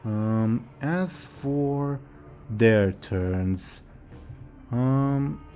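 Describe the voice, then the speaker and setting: A young man narrating a tabletop game as game master, casual and halting with many fillers. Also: mid-range voice, dark tone.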